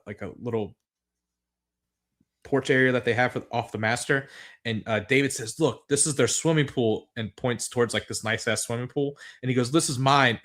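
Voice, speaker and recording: A man in mid pitch talks through a recap as a podcast co-host, loose and rambling, with plenty of swearing. He chuckles at the absurd parts and drifts between asides. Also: fairly bright tone. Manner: rambling, swears freely, laughs at absurd moments. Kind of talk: casual recap chat.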